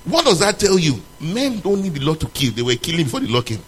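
A man preaching a sermon to a congregation, moving between loud, emphatic questions and low, quiet passages. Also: very animated, fast talker, slightly rough, low-quality recording.

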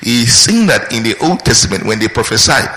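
A man's voice: medium pitch, very animated, fairly quick, pushed and bright. A man preaching a sermon, repeating his key points and asking the congregation questions. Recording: echoey hall with long reverb.

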